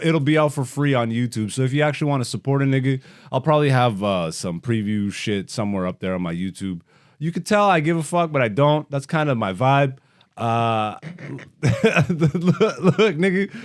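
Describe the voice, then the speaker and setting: Young comedian-host, slightly high voice, loose and profane, laughing banter. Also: male voice. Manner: profane, joking, lively banter. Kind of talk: casual podcast chat.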